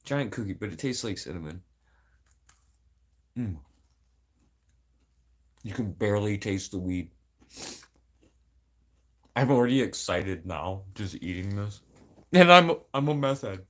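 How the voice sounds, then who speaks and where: A man's voice: mid-range voice, expressive, unhurried, pauses often. An adult man venting casually to camera, blunt and rambling, swearing constantly and sounding aggrieved. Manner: emotional, aggrieved. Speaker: vlogger.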